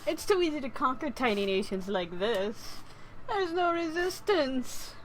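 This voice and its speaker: A smug male sorcerer villain from a game, taunting the heroine, as a woman plays him. He speaks slowly and deliberately with a lot of pitch movement. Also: sing-song, a little hiss or hum, rough recording. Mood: gloating.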